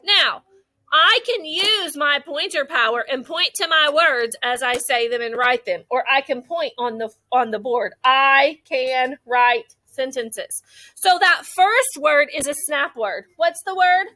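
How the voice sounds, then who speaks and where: A young woman teaching a classroom phonics lesson, slowly modeling sentences and praising the children. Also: high voice, expressive, bright, forceful tone. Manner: slow, drawn-out modeling of sentences, encouraging.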